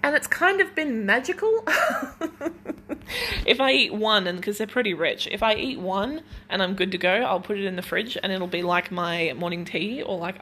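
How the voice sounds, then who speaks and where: A woman's voice: medium pitch, animated, moderate pace, fairly bright tone, a little hiss or hum. A young woman hosting a casual solo podcast from her kitchen at home, chatting in a rambling way full of "like". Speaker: podcast host.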